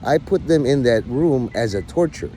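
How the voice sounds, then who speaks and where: Animated, profane man ranting to viewers. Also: mid-range voice, moderate pace, slight background noise. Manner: profane, rambling, mock-bossy toward viewers. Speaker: livestreamer. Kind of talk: casual rant chat.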